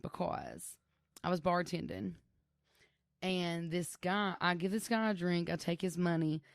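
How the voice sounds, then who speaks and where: Young woman co-host, lower voice, chatty storyteller, dry close mic. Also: animated, measured pace, vocal fry, dry recording. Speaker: podcast co-host. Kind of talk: casual chat.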